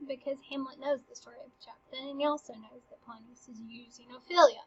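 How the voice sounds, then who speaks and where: A woman's voice: high-pitched, steady tone, fast, hardly any pauses, breathy edge, dull audio. A woman teaching, casually walking through a play scene by scene in a chatty, eager way. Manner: chatty and eager, retells lines with "he's like".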